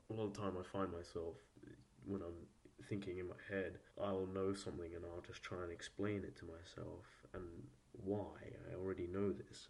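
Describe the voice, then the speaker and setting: A man hosting a solo podcast, thinking aloud in a halting, rambling way with many restarts, his voice a little posh and nasal. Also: low voice, gravelly, darkish tone. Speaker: podcast host. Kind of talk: solo reflective podcast monologue.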